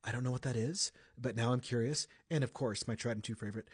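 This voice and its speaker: A man's voice: medium pitch, fast talker, husky, no room sound, clean studio sound. A young man from the United States hosting a casual celebrity news podcast, chatty and joking, correcting himself as he goes. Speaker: podcast host.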